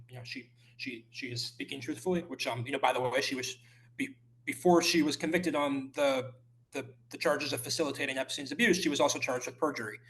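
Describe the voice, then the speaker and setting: Halting man answering questions. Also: medium pitch, fairly bright tone. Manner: halting, many restarts and fillers. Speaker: journalist guest. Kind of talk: podcast interview answers. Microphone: remote call.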